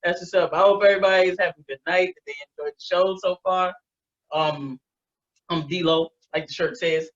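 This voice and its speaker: A woman's voice: fairly low pitch, lively intonation, brisk. A woman, doing a brash, profane stand-up comedy set. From Baltimore, USA. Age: 40s. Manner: profane, brash, streetwise storytelling. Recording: muffled lo-fi online stream.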